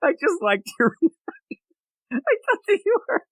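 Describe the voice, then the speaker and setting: A man's voice: very high-pitched, huge pitch swings, measured pace, a bit bright, dry recording. A man co-hosting a casual comic book podcast, rambling and laughing often, swearing freely. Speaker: podcast co-host. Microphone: remote recording setup, not in the same room.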